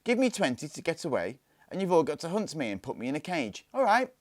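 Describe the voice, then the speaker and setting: A man's voice: fairly high pitch, wildly swooping pitch, quick pace, dry recording, clean studio sound, voice pushed up. A man voicing a bossy, playful young girl in a storybook reading.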